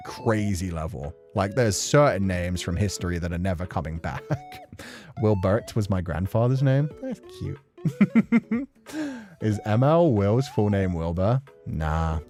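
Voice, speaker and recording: A man's voice: deep voice, darkish tone. A man streaming from his apartment, chatting casually and laughing often while he plays a game. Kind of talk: casual live-stream commentary while reading a game aloud. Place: home apartment.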